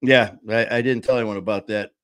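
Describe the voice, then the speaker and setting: A male host, a little loopy after anesthesia, runs a casual live stream from a small studio into a table-mounted mic. He jokes and rambles with lots of restarts, his lowish voice steady, brisk and a bit bright.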